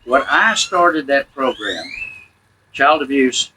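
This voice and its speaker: A man's voice: medium pitch, slow pace, slight background noise, low-quality recording. A man, a former detective, talking to an audience about his books and his work, acting out the people he quotes. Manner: animated storyteller, acts out quoted people. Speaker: retired detective and author. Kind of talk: promotional talk addressed to an audience.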